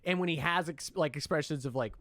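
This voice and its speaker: A man hosting a casual film podcast, excitable and loose with swearing. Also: fairly high pitch, fast talker, no room sound. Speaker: podcast host.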